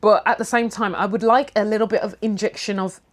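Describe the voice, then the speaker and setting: A woman's voice: mid-range voice, steady tone, quick pace. A young woman from the UK chatting candidly over tea, talking frankly, swearing casually and acting out little quotes. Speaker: vlogger.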